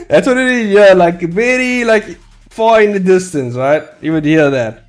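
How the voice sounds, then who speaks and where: A man's voice: sits high, big pitch swings, unhurried, soft background music. A young man chatting casually with viewers while drawing his comic. He rambles, laughs a lot and swears freely. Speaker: comic artist streaming. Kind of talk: casual live-stream chat.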